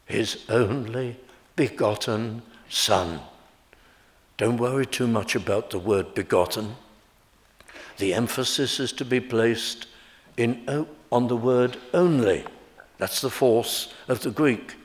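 A man preaching a sermon, slow and emphatic, rising in pitch and force on key words. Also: in a large hall.

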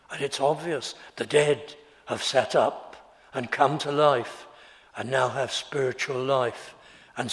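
A man preaching a sermon to a congregation in a measured, earnest way that rises to fervent emphasis. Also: medium pitch. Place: church before a congregation. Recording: long reverb of a large church hall.

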